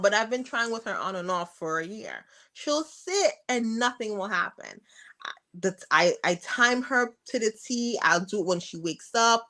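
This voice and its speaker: A woman on a podcast talking frankly about being a mother of a toddler, acting out her talks with her daughter in a raised voice. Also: fairly bright tone. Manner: frank, acts out dialogue with her daughter in a high voice. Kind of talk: casual interview storytelling.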